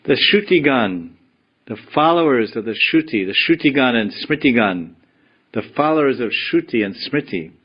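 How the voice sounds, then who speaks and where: A man giving a devotional scripture class, telling stories in a slow, meditative way. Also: medium pitch, animated, husky, dull audio. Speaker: spiritual teacher.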